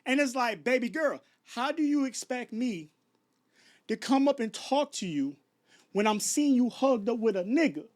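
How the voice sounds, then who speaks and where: A Chicago vlogger in his 30s rants to camera late at night, stumbling over restarts and firing off rhetorical questions. His voice is extremely high-pitched and animated, at a moderate pace.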